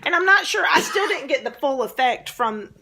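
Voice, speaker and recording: A woman's voice: high-pitched, expressive, normal speed, pushed and bright. A woman with a Southern US accent, co-hosting a chatty, folksy casual conversation. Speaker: co-host. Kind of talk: casual chat.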